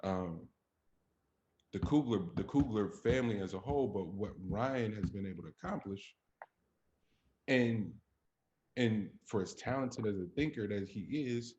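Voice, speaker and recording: A man with a very deep voice holds forth in relaxed podcast chat. He talks with blunt conviction, lacing his points with profanity and climbing in energy when he presses an argument. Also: unhurried, pauses often, lo-fi sound, a little hiss or hum. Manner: emphatic, profane, builds up to animated peaks. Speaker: podcast co-host. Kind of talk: casual chat.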